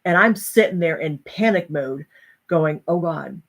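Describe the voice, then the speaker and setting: Middle-aged woman host, low-pitched, animated storyteller. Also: unhurried. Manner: animated storytelling, acting out other voices. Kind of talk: personal story to an audience.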